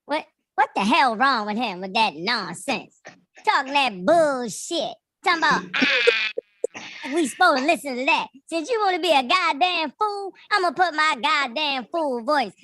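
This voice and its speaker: A man doing a shrill, exasperated scold who rants loudly and mocks what he has just heard. The voice sits high and shouty, and the sound is close and dry. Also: lively intonation, measured pace, no room sound, full character voice. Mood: indignant. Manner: loud, mocking, exasperated ranting.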